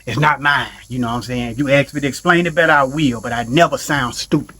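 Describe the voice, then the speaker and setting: A man's voice: mid-range voice, quick pace, sharp tone. A man hosting a mindfulness podcast, giving a loose, conversational motivational talk, blunt and salted with profanity, often checking in with the listener. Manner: loose and conversational, keeps asking "you know what I'm saying?".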